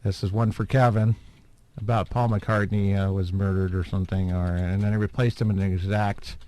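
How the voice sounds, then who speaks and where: A man's voice: lowish voice, level tone, normal speed, warm tone, dry recording. A man hosting a podcast, chatting casually in a rambling, hesitant way with many fillers and chuckles. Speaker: podcast host. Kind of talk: casual chat.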